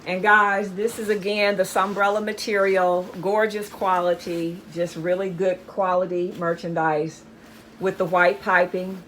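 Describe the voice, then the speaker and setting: A woman's voice: lowish voice, flat delivery, unhurried, fairly bright tone, slight background noise. A woman chatting enthusiastically as she shows off bargain finds, often calling out to her viewers. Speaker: haul vlogger. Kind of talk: casual show-and-tell chat.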